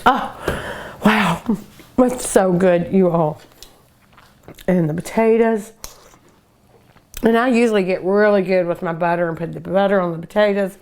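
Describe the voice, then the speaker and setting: A woman's voice: lowish voice, normal speed, pauses often, a little mellow, a little hiss or hum. An older woman hosting a cooking show, chatting and gushing enthusiastically while she eats. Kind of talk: casual cooking show talk.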